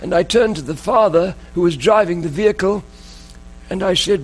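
A man preaching a sermon, telling a story in an earnest, emotional way with dramatic pauses. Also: sits high, slight background noise, rough recording.

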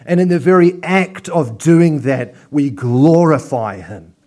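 A man preaching a sermon as pastor, telling lively stories and acting out little scenes. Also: fairly high pitch, slow pace.

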